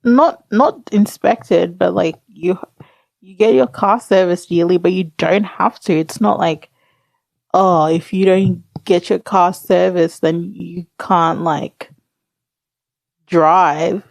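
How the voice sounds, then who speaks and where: A woman's voice: on the low side, steady tone, slow, gravelly, no room sound. A woman co-hosting a podcast, chatting casually with short, laid-back replies. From Australia. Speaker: podcast co-host. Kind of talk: casual chat.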